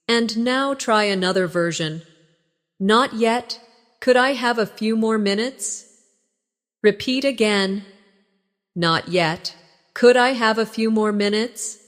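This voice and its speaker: A woman leading a scripted English lesson, speaking slowly and clearly so listeners can repeat after her. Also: mid-range voice, long reverb tail. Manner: slow, measured, clearly enunciated. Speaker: English teacher.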